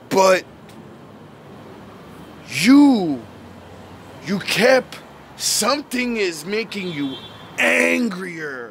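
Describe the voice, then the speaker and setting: Man, high gravelly voice, bright tense tone, slow profane preachy rant, shouting bursts. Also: sing-song, a little hiss or hum. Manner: profane and preachy, lecturing the listener; repeats catchphrases and "yous" address. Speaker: online preacher-style commentator. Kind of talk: ranting monologue.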